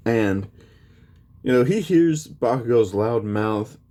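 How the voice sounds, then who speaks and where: A man's voice: medium pitch, expressive, takes it slowly, mellow. A young man casually retelling a fan story, rambling with lots of fillers. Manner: rambling, many fillers like "you know".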